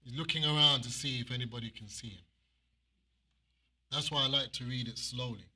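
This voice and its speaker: A man preaching an animated sermon and reading scripture aloud, with emphatic repeated phrases. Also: medium pitch, a little fast.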